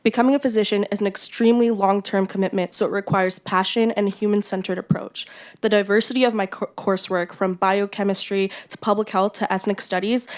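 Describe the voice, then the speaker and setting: A young woman, a pre-med student, reading prepared testimony at a legislative hearing in an earnest, urgent way. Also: medium pitch. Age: young adult. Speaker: student giving public testimony. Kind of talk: prepared testimony read aloud.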